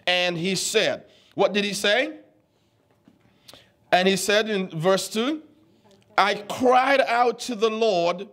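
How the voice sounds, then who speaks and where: Casting note: man with a high voice, a pastor teaching from the pulpit in a loose storytelling way that stumbles over words. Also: slow, long pauses, a bit bright. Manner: conversational, stammers and repeats words, quizzes the congregation. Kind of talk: teaching sermon with stories.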